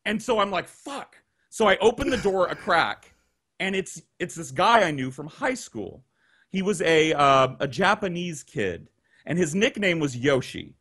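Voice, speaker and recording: A man telling a long story on a podcast, animated and profane, acting out the people he quotes, on a video call. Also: on the high side, slightly rough. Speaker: guest storyteller.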